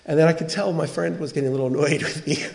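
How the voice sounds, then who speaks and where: Male pastor, sermon delivery, earnest and animated, slightly high voice. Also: rapid-fire, vocal fry. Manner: earnest, animated storytelling with quoted dialogue.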